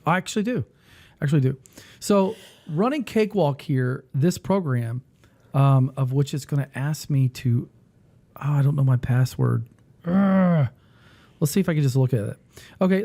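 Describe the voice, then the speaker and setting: A man hosting a casual talk who rambles and thinks aloud while he clicks through music software. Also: on the high side, gravelly. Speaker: music teacher and podcast host.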